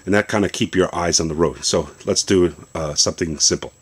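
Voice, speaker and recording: Very low-voiced man demonstrating phone tricks. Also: a little fast, husky. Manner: relaxed, rambling explanation with many fillers and restarts. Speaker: tech video host. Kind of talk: casual tech demonstration. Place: basement.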